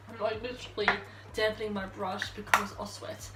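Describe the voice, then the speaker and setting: A woman's voice: medium pitch, little pitch movement, moderate pace, music in the background. A young Australian woman, a bit tipsy, rambling and chatting to herself while doing her makeup at home. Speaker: beauty vlogger. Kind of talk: get-ready-with-me chat. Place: bedroom at home under a ring light. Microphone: phone camera. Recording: roomy sound, phone held off at a distance.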